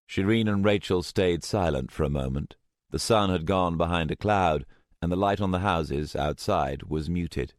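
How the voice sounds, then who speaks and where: A man narrating an urban fantasy audiobook in a steady, even manner. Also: deep voice, normal speed, no echo. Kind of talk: scripted narration. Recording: dry close studio sound.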